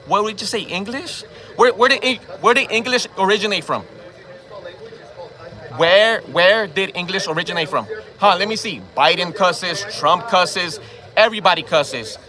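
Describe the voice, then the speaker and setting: A man confronting people in a heated outdoor argument, firing repeated questions and swearing, filmed on his own phone camera. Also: high-pitched. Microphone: phone camera held by the speaker.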